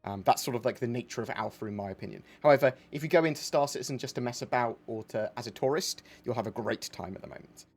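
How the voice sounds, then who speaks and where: A man's voice: medium pitch, fast talker, creaky, few pauses, soft background music. A man hosting a casual livestream chat, talking in rambling, self-interrupting bursts. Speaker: livestream host.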